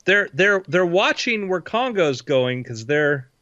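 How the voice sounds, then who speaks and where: A man running a tabletop game as game master, narrating with lively sound effects, on a dull lo-fi recording. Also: high-pitched, takes it slowly, dry recording.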